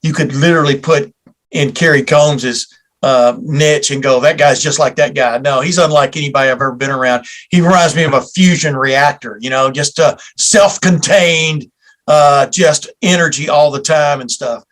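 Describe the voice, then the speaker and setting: A man's voice: on the high side, normal speed, a bit bright. A man hosting a sports podcast, chatting casually and dropping facetious asides. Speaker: podcast host.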